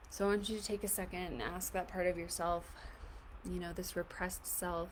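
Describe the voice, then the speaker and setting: A woman coaching an emotional tapping exercise in a gentle, reassuring, casual way, often saying "like". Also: medium pitch, level tone, fairly quick, slight background noise. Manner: casual, fills speech with "like". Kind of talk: guided tapping session.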